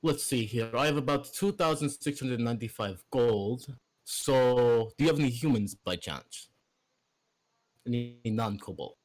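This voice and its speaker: A man taking part in a tabletop game, speaking for his character in his own voice. He bargains in a plain, deliberate manner at a middle pitch. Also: a little mellow. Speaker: player.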